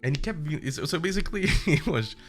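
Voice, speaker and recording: A young man streamer casually retelling a bad trip, animated and profane. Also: on the high side, a little fast, faint music behind. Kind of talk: casual storytelling.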